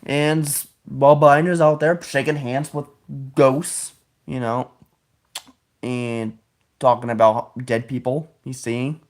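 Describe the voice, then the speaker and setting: A man's voice: medium pitch, level tone, slow pace. A man hosting a podcast, talking in a casual, opinionated monologue that rambles, stalls and corrects itself. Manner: rambling, with frequent restarts and self-corrections; opinionated, politically outspoken. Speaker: podcast host.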